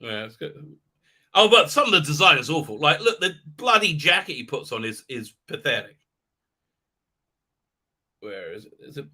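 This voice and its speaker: Middle-aged guy rambling on a livestream, pitch bouncing all over, keeps restarting. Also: normal speed, pauses often. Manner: rambling, animated, with many restarts. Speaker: livestream host. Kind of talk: casual live-stream chat, reading viewer comments.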